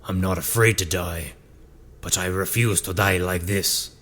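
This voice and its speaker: A deep, gruff brutish prisoner who speaks with defiance, as a man puts him on. His voice is low and his delivery slow. It is an audio tabletop adventure. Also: fairly even intonation, a bit bright. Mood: urgent.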